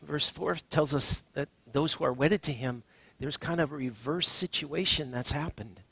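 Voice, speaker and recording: A man preaching a sermon as a pastor, swinging from hushed, drawn-out phrases to emphatic lines. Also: on the high side, creaky, slightly rough, dry recording.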